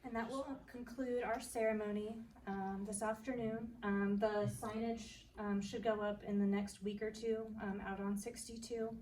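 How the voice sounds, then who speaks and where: A woman gives the closing notes at a public ceremony in a steady, flat voice, pausing often on ums. She sounds distant from the microphone, with faint background ambience behind her. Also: medium pitch, a little hiss or hum. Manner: flat delivery with many ums. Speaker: ceremony organizer. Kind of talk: closing announcements.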